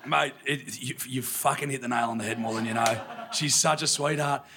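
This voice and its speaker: Gravelly, bright-voiced Aussie bloke. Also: male voice, mid-range voice, steady tone, normal speed, slight background noise. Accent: Australian. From Australia, rural New South Wales. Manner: chatty, swears often, acts out others in anecdotes. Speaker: podcast guest. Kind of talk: live podcast banter. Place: brewery venue, live audience.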